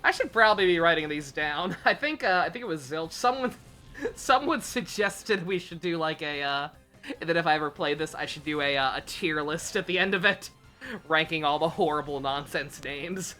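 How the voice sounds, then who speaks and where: A young woman streaming a game, giving casual, laughing, excitable commentary with swearing. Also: low-pitched, moderate pace, faint music behind.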